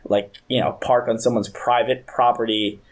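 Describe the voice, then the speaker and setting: A man acting out an exasperated police officer who explains the rules in a lowered voice. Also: flat delivery, normal speed, natural voice.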